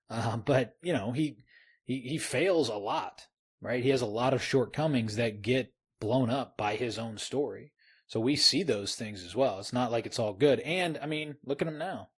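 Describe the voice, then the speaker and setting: A man with a husky, slightly rough voice talks eagerly about a favourite novel on a podcast. He restarts his words a lot and tosses in casual asides. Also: mid-range voice, normal speed. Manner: enthusiastic, repeats words, says "man". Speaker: podcast co-host. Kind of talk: casual book discussion.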